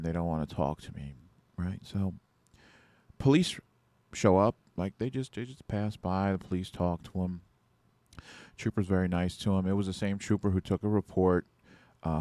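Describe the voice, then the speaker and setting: A man's voice: low-pitched, dry recording. A man who hosts a podcast and works as a security guard, telling a work story casually and acting out his own past lines with rising force.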